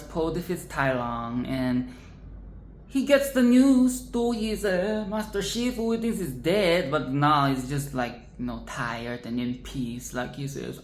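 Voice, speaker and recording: Emphatic low-voiced woman film reviewer. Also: expressive, takes it slowly, echoey room, a little hiss or hum. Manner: emphatic, profane, repeats "okay?".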